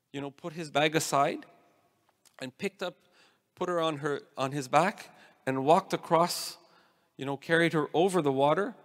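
A man's voice: a little high, big-room sound. A man, a priest, giving a conversational sermon told through stories, with frequent fillers like "you know" and "like.". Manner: conversational storytelling with many fillers.

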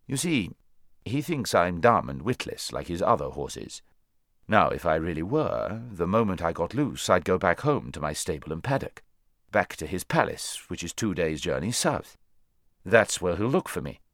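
A man's voice: low voice, sing-song, a bit bright, no room sound, studio quality, heavily acted. A man voicing a proud, brusque talking war horse. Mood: brisk. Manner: brisk, commanding, contemptuous.

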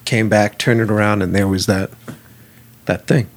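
A man's voice: fairly low pitch, normal speed. A man, a film director, telling stories in a casual conversation, swearing often and acting out what people said. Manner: animated, profane, acts out dialogue.

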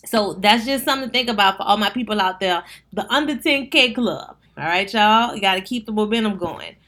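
A woman with a New Orleans accent hosts a casual solo podcast as a wedding planner. She talks in an animated, down-to-earth way and addresses her listeners directly. Her voice sits in a middle pitch range. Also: a little fast. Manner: chatty, animated, talks straight to listeners with "y'all".

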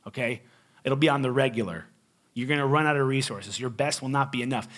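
A male pastor preaching in a conversational storytelling style, animated and joking, with emphatic swings between loud and quiet. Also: medium pitch, a little fast. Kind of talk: storytelling sermon.

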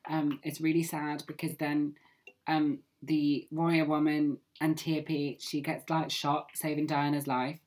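Woman, really low voice, laid-back plot recap, lots of likes and ums. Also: a little slow. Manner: relaxed storyteller, lots of fillers. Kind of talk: casual film recap.

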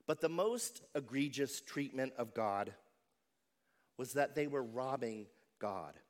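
A man's voice: mid-range voice, lively intonation, slow. A man preaching a sermon as pastor, telling stories and acting out quoted voices.

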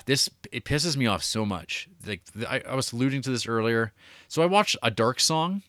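A man co-hosting a casual podcast, rambling about horror movies with lots of fillers, swearing and excited tangents. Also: medium pitch, moderate pace, no echo, studio quality. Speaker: podcast co-host reviewing movies. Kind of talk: casual chat.

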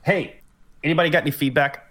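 A man's voice: a little high, steady tone, fast, sharp tone. Chill guy hosting a gaming podcast, rambly, swears a bit, home mic. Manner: loose, rambling, swears casually. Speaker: podcast host. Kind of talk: casual chat.

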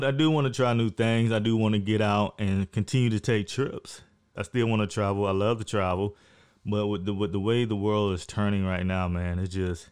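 A man's voice: fairly low pitch, a little mellow, clean tone. A man hosting a casual podcast monologue, talking in a laid-back, frank and profane way. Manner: laid-back, frank and profane, often says "you know what I'm saying". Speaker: podcast host.

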